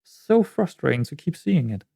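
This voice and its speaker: Exasperated man with a higher voice. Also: very animated, moderate pace, creaky, warm tone, no room sound, clean studio sound. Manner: exasperated, rambling, repeats himself. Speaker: gaming YouTuber. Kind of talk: let's-play commentary.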